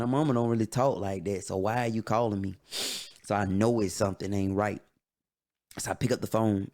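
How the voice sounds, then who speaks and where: A man tells a personal story on his podcast. His voice is low with a gravelly edge. He talks in a candid, halting way, with many pauses. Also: a little mellow. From Atlanta, USA. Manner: candid, halting, emotional retelling. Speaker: podcast host.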